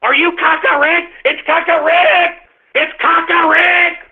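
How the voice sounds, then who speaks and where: A man's voice: extremely high pitch, flat delivery, a little slow, voice pushed up. A man putting on a childish, gushing voice to mock a listener. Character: mocking whiny male listener, childish and gushing. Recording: muffled phone-line sound.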